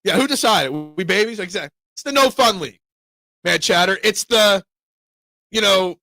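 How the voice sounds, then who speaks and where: A man hosting a live sports talk show, giving opinionated, excitable fan takes and answering chat. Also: high-pitched, moderate pace, no echo.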